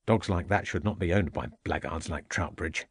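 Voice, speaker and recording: A man voicing a calm, compassionate Victorian police inspector who speaks with measured courtesy. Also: sits low, slightly rough, no echo, clean studio sound, pitched below the performer's own voice. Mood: kindly.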